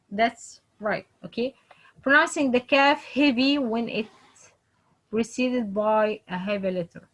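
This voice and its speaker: Slow-paced woman teaching Quran recitation. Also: sits high, animated, a bit bright, poor audio. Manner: slow, repetitive explanation with non-native English phrasing. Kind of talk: online lesson.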